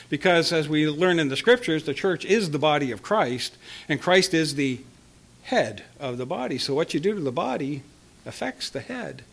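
A man preaching a Sunday morning sermon in a slightly higher voice than most men. He draws out quoted verses slowly for emphasis and breaks into light chuckles between his points. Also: gravelly. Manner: expressive, stretches quoted scripture slowly with emphasis.

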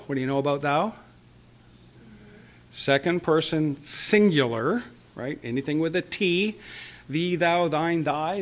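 A man preaching a sermon, reading scripture slowly and with emphasis, chuckling lightly between points. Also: sits high. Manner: expressive, stretches quoted scripture slowly with emphasis.

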